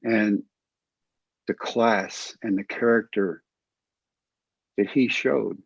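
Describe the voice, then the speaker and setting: A man with a husky, slightly breathy voice tells a long personal story in an interview, acting out each quoted line as he goes. The recording is dry and a little dull. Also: fairly low pitch, very slow, no room sound. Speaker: guest, former pitcher and coach.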